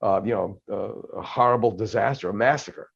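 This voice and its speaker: Halting man hosting a podcast. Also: lowish voice, gravelly, breathy edge, lo-fi sound. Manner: halting, many fillers and restarts. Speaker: podcast host. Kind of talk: casual interview chat.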